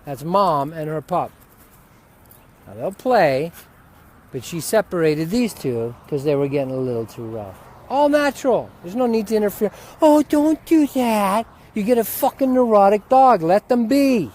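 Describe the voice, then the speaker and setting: A male spiritual teacher talks off the cuff, swearing freely and swinging into loud, heated outbursts. He is outdoors, with dogs close by. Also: high voice, lively intonation, moderate pace. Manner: profane, heated ranting with sudden loud outbursts. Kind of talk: unscripted spiritual teaching talk.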